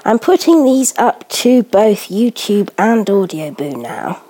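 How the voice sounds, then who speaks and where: A woman vlogging casually while spoon-feeding a baby, cooing in baby talk and often dropping to a soft whisper. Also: mid-range voice, big pitch swings, takes it slowly.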